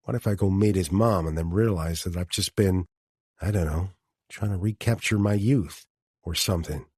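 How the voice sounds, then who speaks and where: A man's voice: sits low, normal speed, darkish tone, breathy edge, dry recording, studio quality. A man voicing a nervous midlife lover. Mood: anxious. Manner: worried, self-doubting, blurting. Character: anxious middle-aged man, doubting his love. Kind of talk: audiobook character dialogue.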